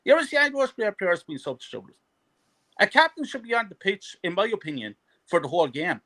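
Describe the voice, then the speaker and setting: A man on a stream call rants about his football club, sweary and emphatic. His voice runs high and swings widely as he repeats words for emphasis. He sounds close to boiling over. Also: sing-song, quick pace, bright, forceful tone. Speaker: guest fan. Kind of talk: heated football rant.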